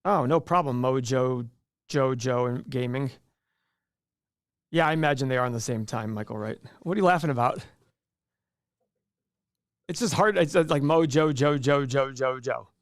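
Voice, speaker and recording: A man's voice: mid-range voice, normal speed, long pauses, no room sound, clean studio sound. A man hosting a casual live stream and answering viewer questions in a chatty, rambling way with frequent restarts. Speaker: livestream host.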